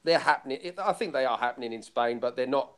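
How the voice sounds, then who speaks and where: Man from Britain, mid-pitched voice, quick easygoing talk, calling in from home. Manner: relaxed, talks quickly, easygoing. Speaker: panel guest. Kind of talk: casual group call chat. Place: living room at home, fan running.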